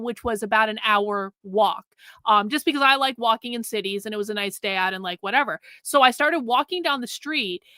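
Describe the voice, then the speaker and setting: Bright-voiced woman telling a story. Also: a little high, no echo. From United States. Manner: animated, profane, acts out her own past lines. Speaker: host. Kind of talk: casual storytelling monologue.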